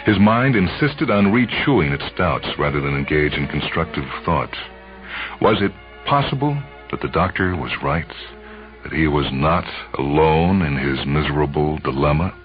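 A man narrating a story in a measured, brooding way. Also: a bass voice, lively intonation. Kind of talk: dramatic audiobook narration. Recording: muffled lo-fi recording, faint music.

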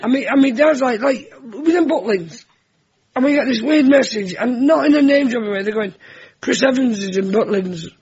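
High-pitched chatty comedian. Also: male voice, moderate pace, breathy edge. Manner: animated storyteller acting out family voices. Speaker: comedian guest. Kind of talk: anecdotal chat show banter. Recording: dull lo-fi broadcast with audience.

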